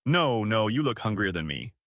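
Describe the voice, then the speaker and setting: A man's voice: on the low side, big pitch swings, moderate pace, a bit bright, dry recording, studio quality. A man voicing a chubby, playful man who whines and jokes about food. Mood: whiny. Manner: whiny, joking.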